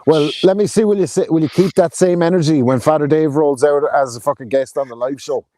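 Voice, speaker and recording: A man's voice: a little high, brisk, dark tone, no echo. Jokey man on a podcast. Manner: laughing, jokey. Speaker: podcast co-host. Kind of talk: casual banter.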